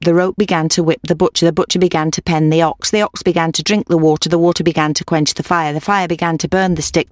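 A woman reading an old folk tale aloud in a steady, clear way. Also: fairly low pitch, no echo, studio quality. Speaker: storyteller.

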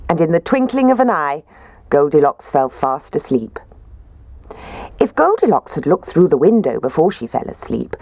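Woman, low voice, lively storybook reading, dry close sound. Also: no room sound. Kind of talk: reading a children's story aloud.

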